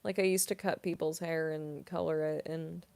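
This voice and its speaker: A young woman who works as a voice actress chats casually on a livestream, answering viewer questions in a low, darkish, creaky voice. Her tone is steady and her speed normal, and she's chatty and giggly, saying "like" a lot.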